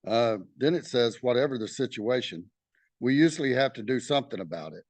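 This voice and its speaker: A middle-aged Texan man leading a study group, reading aloud and sharing his own experience in a candid, halting way, with many fillers and restarts. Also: mid-range voice, lively intonation, darkish tone, dry recording. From Texas.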